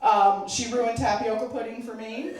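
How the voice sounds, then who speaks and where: A woman's voice: on the high side, steady tone, normal speed, a crowd in the background. A middle-aged woman doing a stand-up comedy set, chatty and self-mocking, laughing at her own jokes. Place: charity event hall. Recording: echoey room, mic far off.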